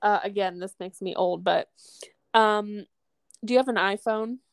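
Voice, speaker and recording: A woman's voice: mid-range voice, unhurried, a little hiss or hum. A woman from the American Midwest co-hosting a podcast, chatting casually and laughing often. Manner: chatty, laughs often, fillers like "you know". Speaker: podcast co-host. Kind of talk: casual chat.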